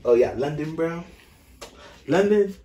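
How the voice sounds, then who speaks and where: A man in casual chat, teasing his relatives in slangy, animated talk. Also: a little high, unhurried, muffled recording, a little hiss or hum. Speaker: family member roasting relatives.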